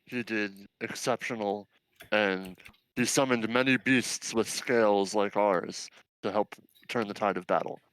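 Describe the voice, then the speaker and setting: A man's voice: on the low side, fairly even intonation, unhurried, a bit bright, dry recording, poor audio. A man voicing a worn-out kobold fighter. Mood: solemn. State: out of breath. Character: exhausted kobold fighter, small and loyal.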